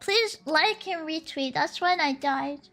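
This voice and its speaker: A young Swedish woman streams and chats casually with viewers, reading their comments in a giggly, playful way. Her voice sits high and she speaks slowly. Soft lo-fi music plays underneath.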